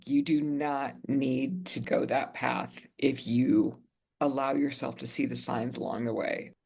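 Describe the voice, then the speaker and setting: A podcast co-host telling a personal story in relaxed conversation, earnestly, slowing down to reflect. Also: mid-range voice, creaky, breathy edge.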